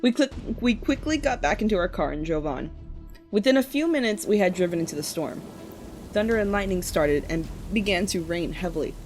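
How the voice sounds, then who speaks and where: A woman's voice: mid-range voice, lively intonation, brisk, over music, rough recording. A woman co-hosting a podcast, reading a spooky campfire story aloud in a casual way and often breaking into giggles.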